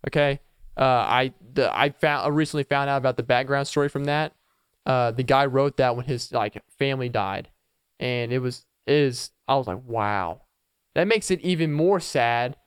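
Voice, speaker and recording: A man hosting a casual solo podcast, rambling playfully and chuckling between thoughts. His voice is smooth and clear at a middle pitch. He is recorded close on the mic in a dry space with no echo. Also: normal speed. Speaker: podcast host.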